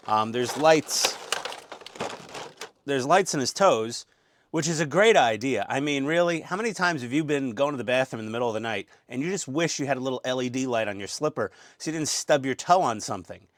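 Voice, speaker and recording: A man's voice: medium pitch, no room sound. A man hosting a casual hobby build vlog on a lapel mic, joking, rambling and mocking himself. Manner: jokey, self-mocking, rambling. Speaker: host.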